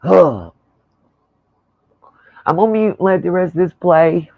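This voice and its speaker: During a livestream commentary, a woman who hosts her own channel rants bluntly and profanely, sounding irritated and fed up. Her voice sits on the low side, gravelly and a little mellow, with lively intonation, a measured pace and long pauses. The recording is dry, dull and lo-fi.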